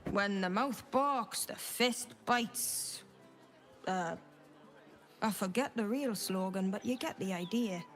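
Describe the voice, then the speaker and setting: A man's voice: high voice, takes it slowly, fairly bright tone. An actor playing an impatient male newspaper seller in a video game, curt and pushy, over faint music.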